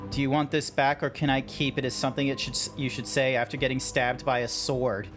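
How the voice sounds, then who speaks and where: A man's voice: medium pitch, level tone, a little fast. An Australian man streaming a video game, talking to himself and to his chat in a rambling way. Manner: chatty, rambling self-talk. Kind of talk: casual gameplay commentary. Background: game music.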